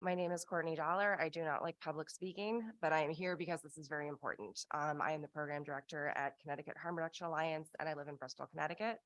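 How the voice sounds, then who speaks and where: Woman from canada testifying on a video call, low-ish voice, dry sound, earnest and fired up. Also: a bit bright, no room sound. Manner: earnest, impassioned, slows for emphasis. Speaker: program director giving public testimony. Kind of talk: public hearing testimony.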